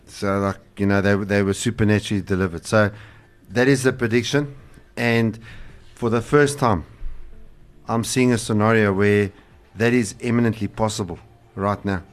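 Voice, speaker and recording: A man's voice: fairly low pitch, steady tone, moderate pace. A man, a pastor co-hosting a casual religious talk show, earnest and rambling with fillers. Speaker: pastor and co-host.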